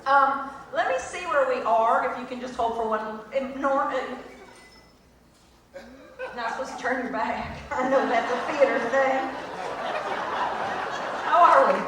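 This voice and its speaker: A woman's voice: high-pitched, measured pace, pauses often, noisy background. A woman hosting a live stage show, chatting and telling stories to the audience in a self-mocking way, laughing often. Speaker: show host. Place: large theater stage. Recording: echoey live theater recording from far off. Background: crowd.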